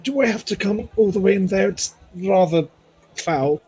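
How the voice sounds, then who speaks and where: A man's voice: high voice, moderate pace, darkish tone, slightly rough, pitched above the performer's own voice, low-quality recording. A man voicing a polite, fussy male adventurer who speaks primly and with some hesitation.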